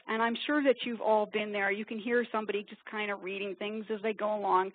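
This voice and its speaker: A woman from upstate New York presenting a webinar, talking quickly in a chatty, self-deprecating way. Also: fairly high pitch, husky, no echo. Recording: tinny phone-like webinar audio.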